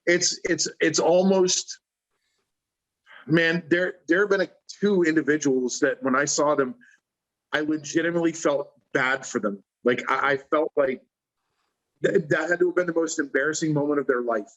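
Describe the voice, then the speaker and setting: A man's voice: on the high side, normal speed, fairly bright tone, rough recording. A man co-hosting a casual talk, earnestly clarifying points for listeners. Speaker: co-host. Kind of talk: casual conversation.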